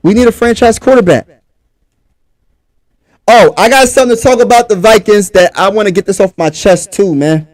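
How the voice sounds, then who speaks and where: Philly-male sports streamer, hyped, pitched high, dry sound. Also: moderate pace, long pauses, no room sound. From Pennsylvania. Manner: hyped, talks straight to the chat. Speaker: sports talk host. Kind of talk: casual livestream sports talk.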